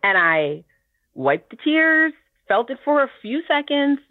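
A woman guest calling in from home, telling a story in a lively, chatty way with fillers and little laughs. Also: high voice, a little slow, no echo. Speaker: podcast guest. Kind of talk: casual chat. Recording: tinny phone-line call.

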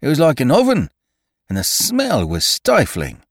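A man's voice: on the high side, wildly swooping pitch, a little slow, husky, dry recording, studio quality, voice pushed up, heavily acted. A man voicing a nervous, respectful gardener who tells his tale earnestly to his employer. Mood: earnest, uneasy. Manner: earnest, respectful, addresses others as sir. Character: nervous deferential male gardener, working man.

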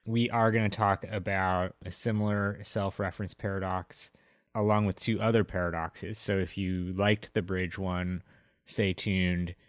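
A man hosting a philosophy podcast, explaining in a relaxed way with a lot of hesitant fillers. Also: low voice, a little slow, dry recording, clean studio sound. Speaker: podcast host. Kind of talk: casual explanatory chat.

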